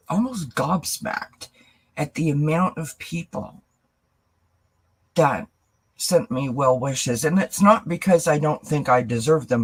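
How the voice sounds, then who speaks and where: A woman's voice: very deep voice, slightly rough, rough recording. A woman hosting a tarot channel, chatting casually on a live stream, greeting viewers by name and laughing often. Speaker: tarot reader and channel host.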